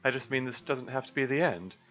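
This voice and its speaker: A man's voice: medium pitch, brisk, fairly bright tone, dull audio, pitched above the performer's own voice, close to an everyday voice. A man voicing a stammering, shy young woman. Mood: tentative. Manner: stammering, hesitant. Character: shy, nervous young woman, careful and apologetic.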